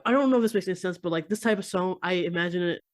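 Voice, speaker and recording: A man co-hosting a podcast in casual chat, playful and quick to laugh. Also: high-pitched. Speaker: podcast co-host.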